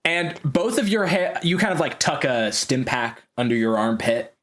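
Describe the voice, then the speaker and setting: A man running a tabletop game as game master, narrating action quickly and playfully. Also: medium pitch, big pitch swings, fairly bright tone.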